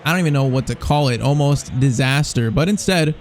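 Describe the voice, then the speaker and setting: A young man giving live, excitable commentary over a football video game, reacting nervously and shouting at big chances. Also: mid-range voice, a little fast, a little hiss or hum. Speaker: gaming YouTuber.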